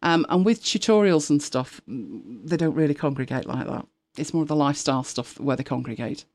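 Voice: mid-range voice, expressive, normal speed, a little mellow. A host of a tech live show chatting casually, rambling with frequent restarts and exasperated asides. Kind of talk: casual chat.

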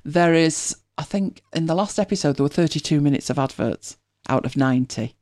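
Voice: mid-range voice, brisk, a little mellow. Chatty British host, rambling. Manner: chatty and rambling, with many restarts. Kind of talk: casual chat.

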